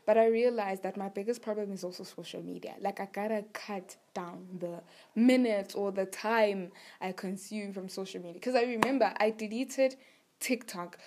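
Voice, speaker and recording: A young woman vlogging about her faith, telling a personal story in a chatty, animated way with lots of fillers. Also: medium pitch, normal speed, slight background noise. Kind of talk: casual personal testimony.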